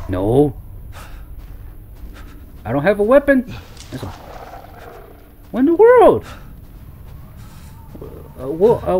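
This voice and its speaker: A man's voice: high-pitched, darkish tone, slight background noise. A young man playing a horror game, exclaiming and talking to his viewers as he goes. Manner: jumpy, exclaiming, talks to viewers as Wolfpack. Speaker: gaming YouTuber. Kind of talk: let's-play commentary.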